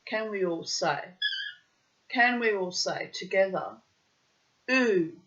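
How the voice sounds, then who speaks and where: A woman's voice: mid-range voice, expressive, slow pace, a bit bright. A middle-aged woman telling a personal story in a wry, dramatic, digressive way, with florid wording. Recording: dull lo-fi recording.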